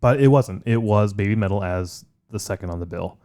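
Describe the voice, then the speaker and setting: Low-voiced man in casual podcast chat. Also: a little fast, dark tone. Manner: enthusiastic, swears often. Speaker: podcast co-host.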